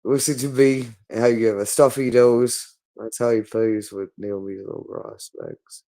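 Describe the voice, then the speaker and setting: A man's voice: medium pitch, very animated, normal speed, vocal fry, dark tone. A man speaking in a hostile, repetitive monologue, berating someone and swearing constantly. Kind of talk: angry monologue.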